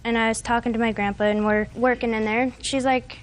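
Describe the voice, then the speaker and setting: A woman's voice: on the high side, level tone, a little fast. A woman in her twenties testifying as a defendant in a TV courtroom, telling a long, hesitant, rambling account. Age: 20s.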